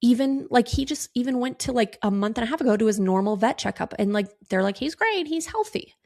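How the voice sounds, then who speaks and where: Tearful woman podcaster, 30s, gravelly voice, chatty and emotional, lots of "like". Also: on the high side, fairly even intonation, fast talker, warm tone. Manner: emotional, fillers like "like" and "freaking". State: tearful, voice breaking. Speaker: podcast host. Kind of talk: personal storytelling to listeners.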